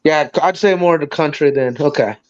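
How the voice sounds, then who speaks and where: A man's voice: fairly high pitch, moderate pace, a crowd in the background. A man hosting a livestream in casual chat, teasing and swearing, laughing often. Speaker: livestream host. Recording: dull lo-fi stream audio.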